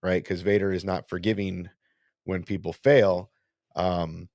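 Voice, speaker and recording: A man with a fairly low voice co-hosts a casual fan chat, rambling and correcting himself as he goes. His voice sounds dry and close, with no room around it. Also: level tone, a little slow, darkish tone, dry recording. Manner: rambling, self-correcting, playful. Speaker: podcast co-host.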